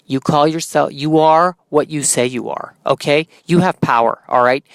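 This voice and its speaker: A man's voice: on the high side, moderate pace, gravelly, clean tone, dry recording. A man voicing an insistent pep-talking advisor with a Minnesota accent. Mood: encouraging.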